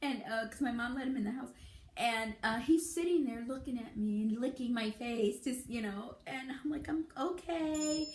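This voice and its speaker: A woman's voice: fairly high pitch, normal speed, a little mellow. A woman vlogger casually telling a childhood story, laughing often as she talks. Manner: giggly, laughing through the story. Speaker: beauty vlogger. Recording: echoey room.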